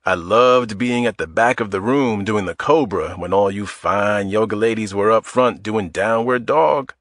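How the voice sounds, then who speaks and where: Easygoing joking guy in his forties, narrator doing him, lowish voice, dry sound. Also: unhurried, fairly bright tone, no echo. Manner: wisecracking, easygoing. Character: mid-forties man, joking, sore, affectionate. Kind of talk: audiobook character voice.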